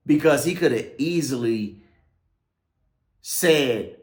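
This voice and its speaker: A man's voice: mid-range voice, expressive, measured pace, pauses often, a little mellow, reverberant. A man, a pastor, telling his life story casually in a loose, slangy way, often checking in with "right?". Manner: loose, slangy, keeps asking "right?" and trailing off with "or whatever like that".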